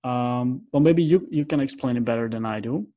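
A man hosts a podcast interview in a conversational style, his voice mellow, medium-pitched and moderately paced. He asks questions hesitantly, filling them with "um" and "like," and often lets them trail off.

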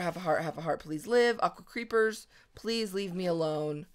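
A young woman giving chatty, excitable commentary on her own gameplay, gasping and squealing at surprises. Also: on the low side, moderate pace. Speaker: gaming video host.

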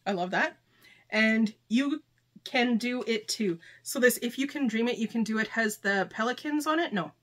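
A woman hosting a casual unboxing vlog, excitable and gushing, sometimes reading book blurbs aloud. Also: a little high, moderate pace. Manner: excitable and gushing, often near tears. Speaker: channel host.

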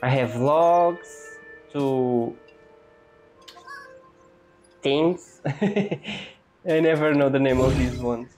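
A woman's voice: a bass voice, drawn-out words, long pauses, music in the background. A young woman chatting casually as she plays a video game, thinking aloud in a playful way. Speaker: gaming channel host. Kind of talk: casual gameplay commentary.

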